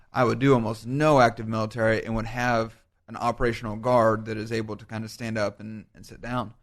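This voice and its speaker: A man talking as a guest on a podcast in a measured, reflective way during a casual political discussion. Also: on the low side.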